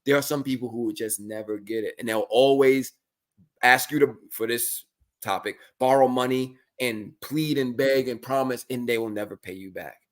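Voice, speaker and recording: A man with a mid-range voice co-hosts a relaxed conversation about money and mindset. He talks casually and often slips into exaggerated voices to act out the people he quotes. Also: mid-range voice, moderate pace. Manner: animated storytelling, acts out quotes in exaggerated voices. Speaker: podcast co-host.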